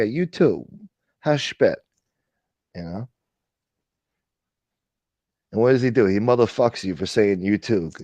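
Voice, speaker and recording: A man's voice: medium pitch, warm tone, no echo. A man hosting a casual late-night livestream chat, rambling and swearing as he reads and answers viewer comments. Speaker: livestream host.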